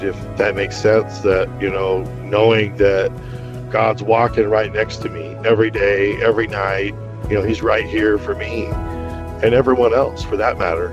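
A man sharing a personal faith story as a radio guest, hesitant and halting, repeating words as he gets emotional. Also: fairly low pitch, dull audio.

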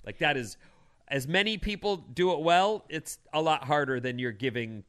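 A man's voice: a little high, normal speed, fairly bright tone, smooth. A man hosting a radio show, chatting casually and reading quirky news items with an opinionated, teasing manner.

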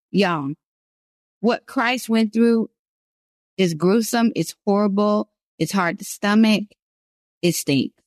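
A woman's voice: mid-range voice, dry recording, clean studio sound. A woman giving an earnest devotional sermon, stressing key phrases by repeating them. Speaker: women's devotional speaker.

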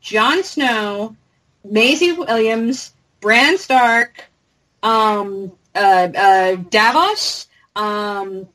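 A woman's voice: a little high, extremely slow, fairly bright tone, rough recording. A woman hosting a casual fan podcast, talking animatedly with many fillers and restarts. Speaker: podcast host.

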